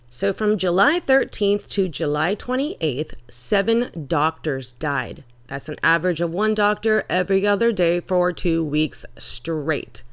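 A woman giving vlog commentary in an emphatic, indignant, profane manner. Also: on the low side.

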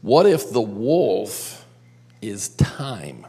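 A man's voice: mid-range voice, lively intonation, moderate pace, creaky, husky. A man telling a story to a group and drawing lessons from it, coaxing them with questions. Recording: long hall reverb.

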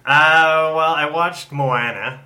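A man's voice: a little high, takes it slowly, sharp tone. A man co-hosting a casual chat, laid-back and hesitant with fillers. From Canada. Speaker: podcast co-host.

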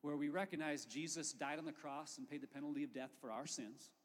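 A male pastor preaching a sermon in a conversational, lively way, with asides to the congregation. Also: fairly high pitch, a little fast, big-room sound.

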